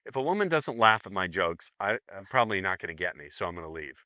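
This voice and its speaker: A man's voice: sits low, very animated, fast, pushed and bright, no room sound. A man teaching a live seminar, joking and rambling as he acts out sample lines for the room. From United States.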